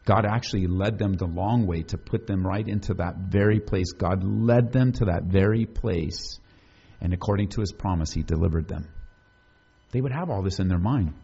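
A man's voice: deep voice, moderate pace, vocal fry, mellow, husky, muffled recording. A man preaching a sermon in a conversational way, putting questions to the congregation. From United States. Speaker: pastor.

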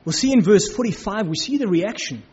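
Husky-voiced man teaching the Bible casually. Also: high voice, expressive, a little fast, darkish tone. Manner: informal, many "you know, like" fillers, acts out quotes. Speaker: preacher. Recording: dull lo-fi recording.

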